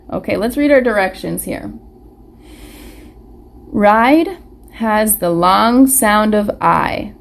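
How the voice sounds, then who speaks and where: A young woman teaching a live online phonics lesson to small children, asking questions, answering them herself and sounding out letters with care. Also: on the high side. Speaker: preschool teacher. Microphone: webcam or phone camera.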